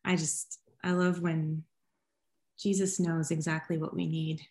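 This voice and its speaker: A woman's voice: deep voice, little pitch movement, a little slow. A woman hosting an interview, affirming and reflecting on what her guest shares. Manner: warm affirming listener. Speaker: host. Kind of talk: interview conversation.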